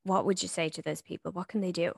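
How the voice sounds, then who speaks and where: A woman's voice: on the low side, fairly even intonation, fast, vocal fry, no echo, studio quality. A woman co-hosting a podcast, asking supportive questions in a casual way and swearing now and then, over a remote call. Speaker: podcast co-host. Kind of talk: casual chat. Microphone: remote call recording.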